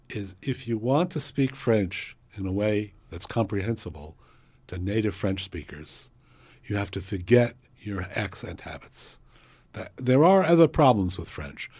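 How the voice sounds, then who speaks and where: A man's voice: fairly low pitch, darkish tone, breathy edge, no echo. A man, a composer, answering interview questions in a thoughtful, explanatory way with frequent hesitations.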